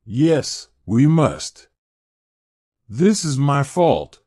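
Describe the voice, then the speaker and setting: A woman's voice: very deep voice, big pitch swings, very slow, dark tone, no echo, clean studio sound, pitched below the performer's own voice, heavily acted. A woman voicing a kind, remorseful middle-aged king who speaks earnestly in a storybook reading. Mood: solemn. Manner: earnest and guilt-stricken.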